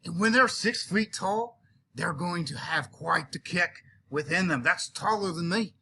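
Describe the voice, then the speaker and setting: Guy teacher with a cold doing a goofy safari guide bit, lots of oi and crikey, bright forceful voice. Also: high-pitched, lively intonation, unhurried, vocal fry, a little hiss or hum. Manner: hammy safari-guide act with Aussie slang like "oi" and "crikey". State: has a cold. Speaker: teacher hosting a mock safari. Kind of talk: playful mock nature-documentary narration.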